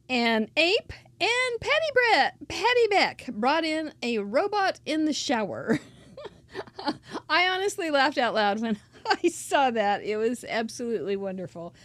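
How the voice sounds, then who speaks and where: Casual crafting teacher lady, kinda high, chatty and giggly, dry room. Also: dry recording. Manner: chatty, digressive, laughs often. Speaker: crafting instructor.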